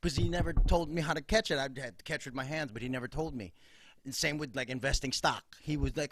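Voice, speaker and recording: A man's voice: mid-range voice, fast, a bit bright. A man from Chicago, a comedian guest telling loose, profane stories on a podcast. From Chicago, USA. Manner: loose, profane, rambling, punchy. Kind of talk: casual comic storytelling on a podcast.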